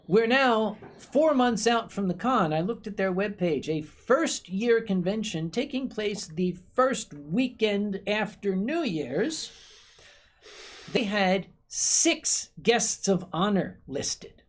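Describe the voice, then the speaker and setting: A man hosting a stream, telling a long story in a dry, rambling way while a bit tipsy, clearing his throat often. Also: high-pitched, very animated, slow, poor audio. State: tipsy from drinking sake. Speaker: convention chairman and stream host. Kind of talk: casual storytelling chat.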